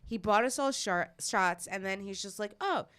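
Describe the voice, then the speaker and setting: A woman's voice: mid-range voice, normal speed, clean tone. A woman, casually telling a story on a podcast, swearing freely and acting out the other people's lines. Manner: animated storyteller, swears freely, acts out quoted voices. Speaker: podcast co-host.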